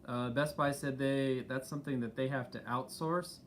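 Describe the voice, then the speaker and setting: A man's voice: mid-range voice, steady tone, moderate pace, fairly bright tone, a little hiss or hum. A man co-hosting a casual live stream, talking in an easygoing, rambling way with many fillers. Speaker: channel co-host.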